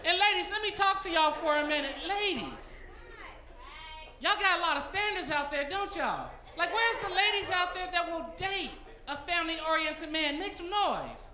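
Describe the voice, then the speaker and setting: A man's voice: extremely high pitch, lively intonation, normal speed. A man doing a stand-up comedy set on a club stage, brash and teasing the audience, on a handheld mic. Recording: roomy club with loud crowd.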